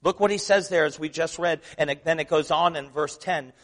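A man's voice: on the high side, brisk, fairly bright tone. A male pastor delivering a sermon, moving between chatty asides and emphatic scripture reading. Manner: conversational preaching, rising to emphatic scripture reading. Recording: long reverb of a church hall.

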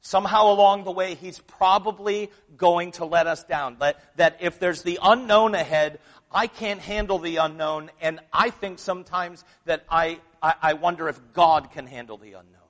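A man's voice: high voice, normal speed, a bit bright. A male pastor delivering a sermon, moving between chatty asides and emphatic scripture reading. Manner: conversational preaching, rising to emphatic scripture reading. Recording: long reverb of a church hall.

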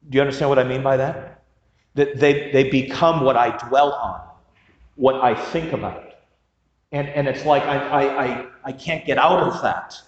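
A male pastor preaching a sermon in a conversational way, with self-deprecating humor. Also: medium pitch. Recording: roomy hall with long reverb, dull sound.

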